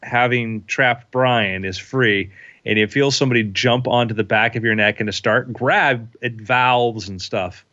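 A man's voice: medium pitch, fairly even intonation, unhurried, bright, forceful tone, dry recording. Guy running a tabletop game, playful, throws in sound effects, dry muffled lo-fi mic. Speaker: game master.

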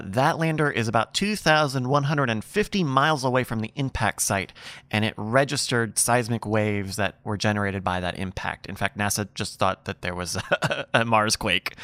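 A man hosting a podcast, casually presenting news stories with a relaxed, filler-heavy delivery. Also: mid-range voice, no room sound.

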